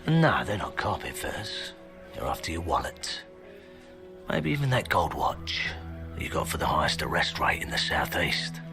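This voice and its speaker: An actor playing a gruff, menacing middle-aged cop, heard in a film clip. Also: male voice, wildly swooping pitch, normal speed, heavily acted. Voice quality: gravelly, low. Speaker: film character, a hard-bitten London cop. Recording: film clip with music behind.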